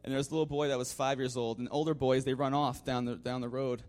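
A church member tells his congregation about a mission trip in a loose, chatty way, full of "you know" fillers and restarts, and he chuckles now and then. His mid-range voice has a darkish tone, and his delivery is fast and flat.

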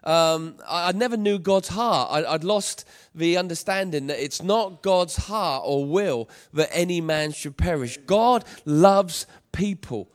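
Emphatic preaching man, higher voice. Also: a little slow, hardly any pauses. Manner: emphatic, repetitive, rising to passionate preaching. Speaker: pastor. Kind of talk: sermon.

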